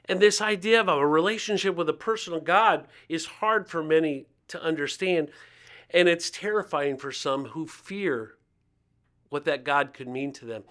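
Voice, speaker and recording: A man in his fifties from Ohio, United States, appears as a guest speaker on faith and poverty, telling stories in a conversational interview and imitating the voices of people he quotes. His voice is a little high, pushed and bright, at a moderate pace.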